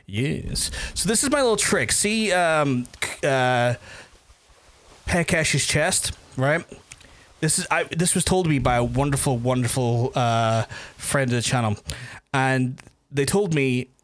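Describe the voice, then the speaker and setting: A young man streaming a game, chatting excitably with viewers and leaping up in pitch when he gets worked up. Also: unhurried. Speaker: gaming streamer. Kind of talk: casual livestream chat while playing.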